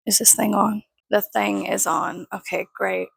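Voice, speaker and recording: A woman's voice: mid-range voice, big pitch swings, unhurried, creaky, fairly bright tone, breathy edge, dry recording. A tired young woman talking casually through her early-morning makeup routine at home, swearing often and poking fun at herself. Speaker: vlogger.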